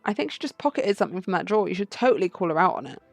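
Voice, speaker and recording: A woman's voice: medium pitch, sing-song, very fast, no echo, faint music behind. Woman reading an eager naive sparrow sidekick. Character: eager, clueless young male sparrow sidekick. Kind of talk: game playthrough read-aloud.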